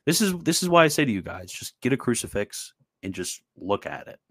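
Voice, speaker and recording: A man's voice: medium pitch, sing-song, a little fast, a bit bright, dry recording. A man teaching from a theology text in informal spoken commentary, earnest and exhorting, with many fillers and restarts. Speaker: host and teacher.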